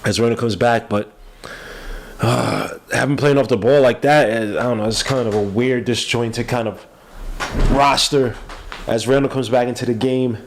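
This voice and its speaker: A man's voice: mid-range voice, fairly even intonation, normal speed, slight background noise. A man with a stuffy nose, hosting a podcast and giving loose, rambling live play-by-play with asides. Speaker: podcast host. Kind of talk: casual live game commentary.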